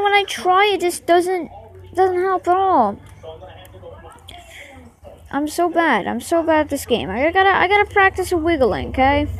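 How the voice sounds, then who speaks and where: A woman doing let's-play commentary, excitable and easily frustrated, talking to her viewers as she plays. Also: high-pitched, poor audio. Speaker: gaming channel host.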